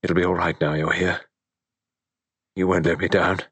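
A nervous young husband frets and keeps reassuring himself, read by a man with a low voice. The storybook lines sound close and dry, with little room around them. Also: lively intonation, moderate pace, husky, no room sound. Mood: fretful. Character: anxious, fretful young husband. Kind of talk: audiobook character voice.

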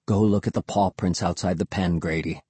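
A man voicing a grim, stern middle-aged father who speaks low and firm. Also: fairly even intonation, a little fast, dark tone, husky, no echo.

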